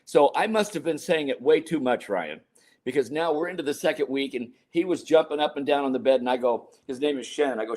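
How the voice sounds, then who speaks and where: Animated older male storyteller. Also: on the high side, fairly quick. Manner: animated storyteller acting out quotes. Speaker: podcast guest. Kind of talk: storytelling interview.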